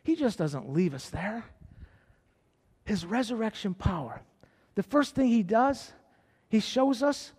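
A man's voice: high voice, takes it slowly, pauses often, slightly rough. A man preaching a sermon as pastor, building to fervent exhortations to his church. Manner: preaching with rising excitement and exhortations. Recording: hall reverb.

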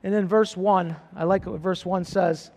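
A man with a strikingly high voice delivers a sermon as a pastor. He hammers on repeated phrases and rises into fervent emphasis. His words ring out with a long reverb, as in a large church hall. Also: steady tone, moderate pace, a little mellow. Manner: repetitive, rising to fervent emphasis.

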